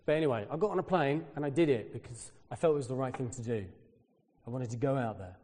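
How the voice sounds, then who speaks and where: A man's voice: mid-range voice, fast talker, big-room sound. A man preaching a sermon, telling a personal story and acting out the people in it. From Britain. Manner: storytelling, animated when quoting others.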